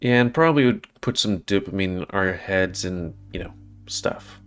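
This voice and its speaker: A man's voice: deep voice, expressive, moderate pace, slight background noise. A man playing through a visual novel, reading it aloud and breaking off into casual, rambling asides. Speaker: let's play host.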